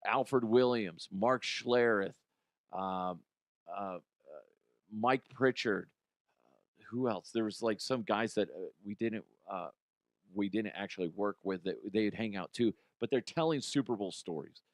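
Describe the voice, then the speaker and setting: The host, a middle-aged youth coach, runs a casual podcast monologue in an unhurried, fairly low voice with no echo. He doesn't mince words, curses freely and voices quotes in a raised tone.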